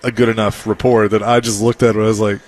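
A man co-hosting casual sports talk, relaxed and wry. He laughs easily and tells his own stories at an easy pace. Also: lowish voice, fast talker. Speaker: sports radio co-host.

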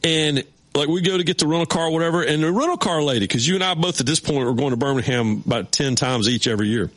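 A middle-aged man hosting a sports radio show, telling a story in a chatty, animated way. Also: fairly high pitch, fast talker. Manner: animated, acts out voices in his stories. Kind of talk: casual storytelling.

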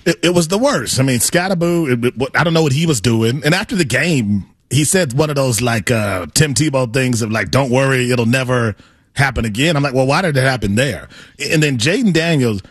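Sports chat cohost guy, husky voice, lively ups and downs, dry sound. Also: mid-range voice, fairly quick, no echo. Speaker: podcast co-host. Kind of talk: casual sports talk.

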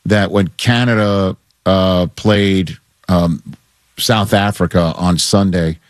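A man's voice: sits low, steady tone, no room sound. Upbeat male host bantering in studio. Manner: upbeat, quick banter, many affirmations. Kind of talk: casual sports chat. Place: radio studio.

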